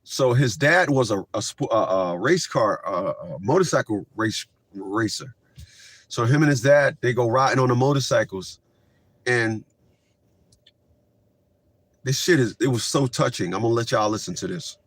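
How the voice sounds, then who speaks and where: A man hosting a commentary show, reacting to clips in a casual, animated rant. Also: mid-range voice, moderate pace, no echo. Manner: animated, rising to shouts when worked up.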